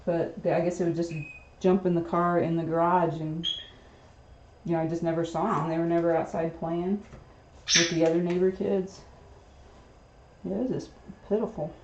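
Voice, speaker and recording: A woman's voice: fairly low pitch, level tone, normal speed, long pauses, dull audio, noisy background. A woman host casually telling a long story on a livestream, rambling with many fillers and restarts. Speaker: pet bird channel host.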